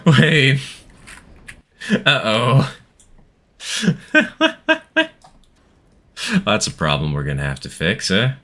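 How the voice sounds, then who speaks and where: A man's voice: on the low side, big pitch swings, slow pace, a bit bright. A man streaming a game live, chatting casually with his viewers and laughing often. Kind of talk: casual live-stream chat while playing.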